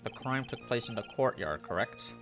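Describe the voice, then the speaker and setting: A man voicing a stern, formal male prosecutor who asks crisp, probing questions. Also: medium pitch, expressive, normal speed, a bit bright, faint music behind, natural voice.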